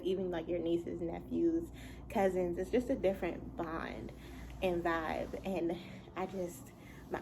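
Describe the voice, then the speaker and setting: Young woman, casual storytime, chatty, animated, lowish voice, faint background hiss. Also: gravelly. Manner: chatty, animated retelling with frequent laughs. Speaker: vlogger and mother.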